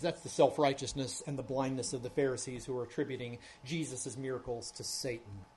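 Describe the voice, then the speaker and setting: Earnest preacher with surging emphasis. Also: male voice, medium pitch, fairly quick, few pauses. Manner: earnest, swings from hushed to loud emphasis, keeps asking "right?". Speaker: pastor. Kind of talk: expository sermon.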